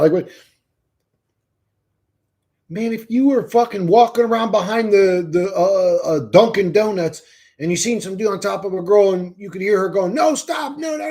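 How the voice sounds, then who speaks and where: This livestream host's voice sits high but carries a dark tone. Talking right to his viewers, he rants heatedly and profanely, swearing, mocking, and engaging with the stream chat.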